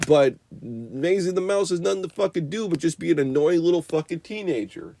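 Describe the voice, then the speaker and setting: A man's voice: fairly high pitch, animated, a little fast, gravelly, hardly any pauses, dark tone. A young man giving an unscripted, profane movie review rant, rambling with constant "you know" and "like".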